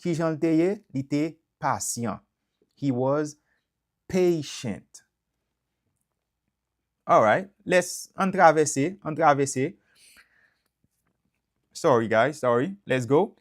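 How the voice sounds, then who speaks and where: A man with a Haitian accent teaching English in a live online lesson, mixing Creole and English and repeating each example sentence slowly. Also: on the high side, lively intonation.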